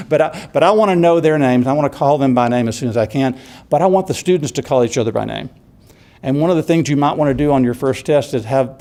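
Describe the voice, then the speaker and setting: A man's voice: medium pitch, darkish tone. A man presenting a workshop to college instructors, talking casually and laughing often while acting out students' questions. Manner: conversational, chuckles often, acts out student questions.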